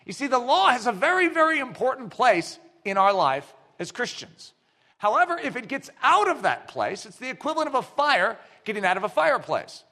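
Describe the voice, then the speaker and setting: A man preaching a sermon, telling a story with acted-out dialogue in an animated way. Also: very high voice, a little fast.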